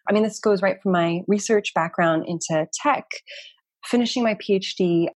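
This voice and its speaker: In a relaxed interview, a woman in her thirties who founded a community and works as a researcher speaks quickly and with energy, peppering her speech with "like" and "you know." Her mid-range voice has a darkish tone, and the recording is dry.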